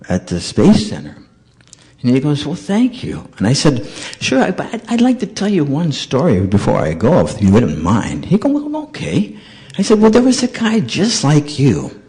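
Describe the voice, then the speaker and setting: Animated male storyteller giving a talk. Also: medium pitch. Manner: animated storyteller acting out dialogue. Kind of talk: storytelling sermon.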